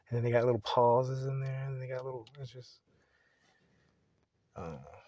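A man's voice: medium pitch, normal speed, pauses often, mellow, no echo. A young man hosting a solo podcast, talking casually in a rambling, profane, laid-back way. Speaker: podcast host.

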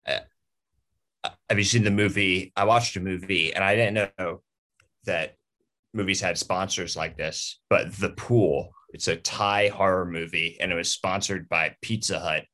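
Deep voiced dude, chill storytelling, bit hesitant. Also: male voice, steady tone, a little slow, sharp tone. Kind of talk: casual chat.

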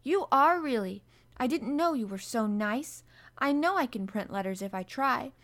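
A woman's voice: mid-range voice, moderate pace, lightly acted. A woman voicing a lonely, earnest little girl who speaks in a wondering way.

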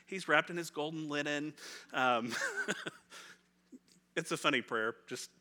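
A middle-aged man, a pastor, preaching a sermon in a conversational, animated way, acting out the voices of people in the story and laughing now and then. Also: fairly high pitch, slow. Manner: laughs often, repeats words when restarting.

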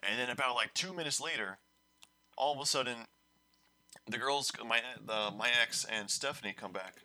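Bright-voiced young man rambling through a story. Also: medium pitch, moderate pace. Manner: rambling, self-correcting, animated retelling. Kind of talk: casual storytelling chat.

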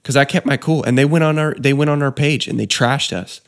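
A man's voice: mid-range voice, steady tone, brisk. A young man, a wedding DJ, telling a story in casual chat, laid-back and saying dude a lot.

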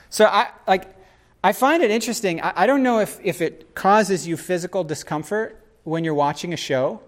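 A man hosting a casual faith discussion, talking in an animated, rambling way with frequent restarts. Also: high-pitched, normal speed.

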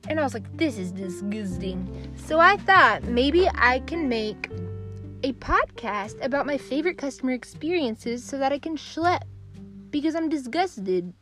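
A woman's voice: sits high, measured pace, faint music behind. Exasperated young woman ranting. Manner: profane, exasperated, animated storytelling. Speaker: podcast host. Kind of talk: casual comedic rant.

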